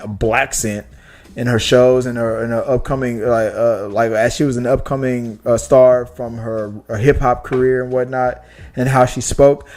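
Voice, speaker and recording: A man co-hosting a movie podcast, talking casually in an animated, rambling way with lots of restarts and fillers. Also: medium pitch. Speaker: podcast co-host.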